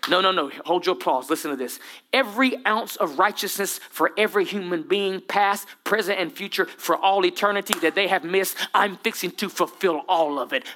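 Lively preacher man, bright voice. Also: high voice, moderate pace. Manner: lively preaching with humor and dramatic voice drops. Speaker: pastor. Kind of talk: sermon.

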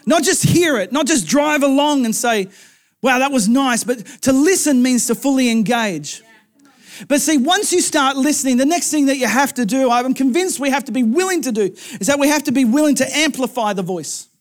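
A man's voice: extremely high pitch, lively intonation, normal speed. A man preaching a sermon in an earnest, conversational way who often repeats words as he speaks. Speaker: pastor.

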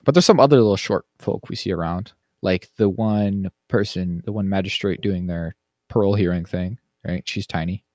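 Man, podcast co-host, low voice, animated ranting, dry close recording. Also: normal speed, no echo. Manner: animated, ranting, mimics people in quotes. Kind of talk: casual chat.

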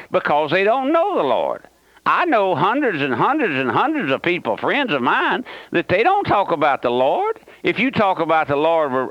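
A man's voice: on the high side, a bit bright, no echo. A man preaching a radio sermon in a folksy, emphatic way, with many fillers and restarts. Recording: dull, dry radio broadcast.

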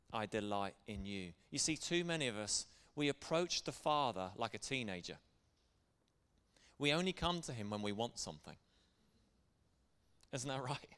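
A man's voice: mid-range voice, a bit bright. A middle-aged man preaching a sermon as pastor, speaking in an earnest, conversational way. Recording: long hall reverb.

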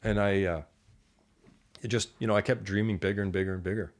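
Low-voiced man telling stories. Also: fast talker. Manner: animated anecdotes, acts out quoted people. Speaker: entrepreneur guest. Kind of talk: casual storytelling interview.

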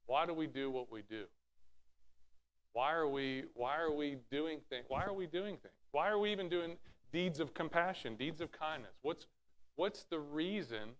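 A man preaching a sermon, teaching from scripture with rhetorical questions and acting out Bible scenes in raised voices. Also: fairly high pitch. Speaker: pastor.

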